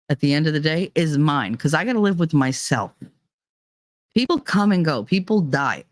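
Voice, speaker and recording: A woman's voice: low-pitched, dry recording. Blunt, profane woman host. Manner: blunt and profane, laughs often. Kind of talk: casual chat.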